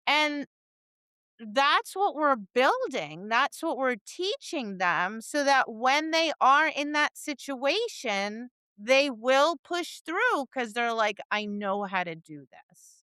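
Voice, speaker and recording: Bright-voiced animated woman dog trainer. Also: sits high, takes it slowly, dry recording. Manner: animated storyteller, acts out voices, laughs and swears. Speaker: podcast co-host, dog trainer. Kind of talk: casual chat.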